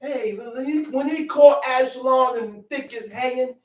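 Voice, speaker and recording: A woman's voice: sits high, unhurried. Woman preaching from across an echoey hall. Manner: emphatic call-and-response preaching, repeating lines. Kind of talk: sermon. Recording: echoey room from far off.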